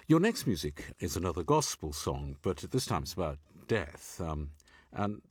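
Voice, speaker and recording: Man, radio host, very deep voice, lively intonation, husky, dry studio sound. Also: moderate pace, no echo. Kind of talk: radio interview presenting music.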